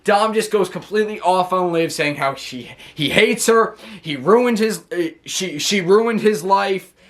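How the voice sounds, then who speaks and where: A man with a high voice gushes through a casual show recap. He rambles, corrects himself mid-sentence and keeps breaking into laughter. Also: measured pace. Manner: excitable, rambling, self-correcting, laughs often. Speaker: wrestling channel host.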